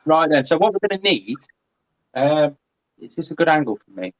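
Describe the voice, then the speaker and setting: A man's voice: on the high side, big pitch swings, moderate pace, highs cut off. A man chatting casually and animatedly on a live stream over a video call. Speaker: guest.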